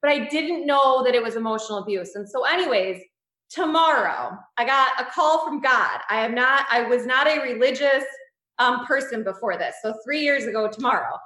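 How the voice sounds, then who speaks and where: A woman's voice: on the high side, lively intonation, moderate pace, bright, forceful tone. A woman in her thirties, a guest telling her personal story in an interview, candid and rambling with many restarts. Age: 30s. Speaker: guest, boudoir photographer. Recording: echoey room.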